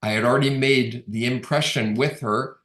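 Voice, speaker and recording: Over a video call with roomy echo, a middle-aged real estate agent from Canada delivers a casual storytelling webinar talk, acting out quoted dialogue. His medium-pitched voice is steady, fairly bright, and moderately paced.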